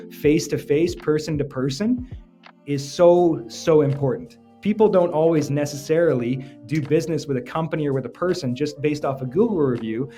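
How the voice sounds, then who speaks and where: A man, an entrepreneur giving energetic, joking business advice straight to camera. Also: on the high side. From Canada. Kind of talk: motivational business talk to camera.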